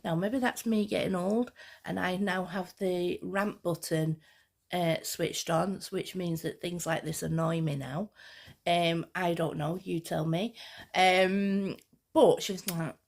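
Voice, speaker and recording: Excitable woman vlogger rambling on, kinda low voice with lots of fry. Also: slow pace. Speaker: fashion vlogger. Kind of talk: casual chat.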